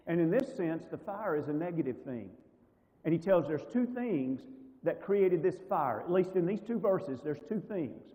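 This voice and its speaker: Mellow-voiced man teaching a church class. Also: sits high, long reverb tail, poor audio. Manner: conversational, rhetorical questions to audience. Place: church hall.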